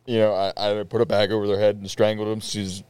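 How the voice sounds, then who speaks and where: A man explains ideas in casual podcast chat, stopping and restarting as he works through his thoughts. His voice is mid-pitched, smooth and resonant. The sound is dry and close. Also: little pitch movement, a little fast, a little mellow, no echo. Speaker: podcast co-host.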